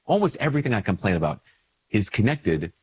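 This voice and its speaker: In a casual spoken reflection to camera, a priest with a stuffed-up nose from a cold talks conversationally in a somewhat low, slightly husky voice. He stays personal and unhurried, raising his pitch to act out small everyday exchanges.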